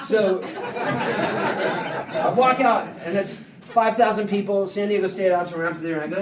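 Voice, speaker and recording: A singer-songwriter telling a rambling comic story to a live audience, laughing and quoting people in voices. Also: male voice, high voice, steady tone, measured pace. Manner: laid-back, laughing, quotes people in voices. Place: small showcase room, live audience. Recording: roomy live room, mic at a distance, background noise.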